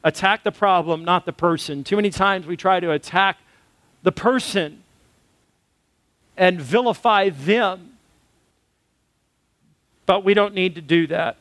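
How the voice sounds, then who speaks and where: Male pastor, higher voice, earnest conversational sermon, dry close recording. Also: a little slow, pauses often, fairly bright tone, dry recording. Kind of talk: sermon with personal story.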